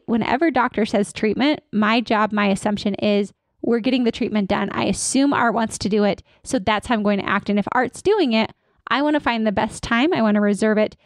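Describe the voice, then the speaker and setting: Upbeat high-voiced woman, dry close sound. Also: no echo. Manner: energetic, upbeat, acts out staff and patient lines. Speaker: dental practice consultant. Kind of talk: podcast interview guest.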